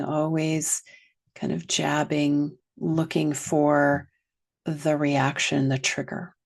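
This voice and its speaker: A woman teaching a guided reflective lesson, slow and gentle, sometimes dropping to a soft whisper. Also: deep voice. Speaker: wellness teacher.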